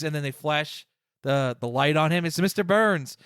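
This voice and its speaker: A man co-hosting a podcast in casual chat, joking and getting excited as he talks. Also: fairly high pitch, moderate pace, smooth, no room sound, studio quality. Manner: excited, joking, quotes lines from the show. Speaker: podcast co-host.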